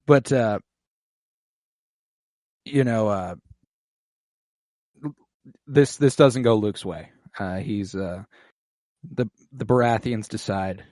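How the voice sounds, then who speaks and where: A man's voice: on the low side, slow, long pauses, a little mellow, dry recording. A man co-hosting a podcast who retells scenes in loose, profane casual chat. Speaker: podcast co-host.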